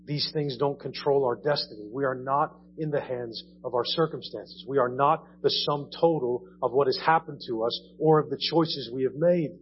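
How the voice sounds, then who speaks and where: A man's voice: mid-range voice, normal speed, hardly any pauses. Man preaching a conversational sermon. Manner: conversational preaching with repeated phrases and rising emphasis. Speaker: pastor. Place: church. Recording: dull audio with faint hum.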